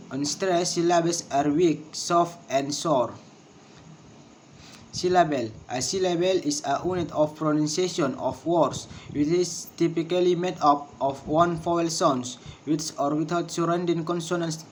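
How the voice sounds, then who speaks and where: A man with a somewhat high voice teaches pronunciation at a very slow, measured pace. He says each practice word with care and repeats it. Faint noise sits under the recording. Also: poor audio. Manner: slow, deliberate, drills words by repeating them.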